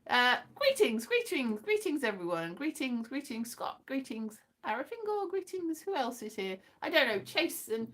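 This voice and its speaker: A woman's voice: sits high, big pitch swings, moderate pace, few pauses, fairly bright tone. A British woman, a comedian, chatting casually to her live-stream viewers, rambling and self-mocking, now and then breaking into sung phrases. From Britain.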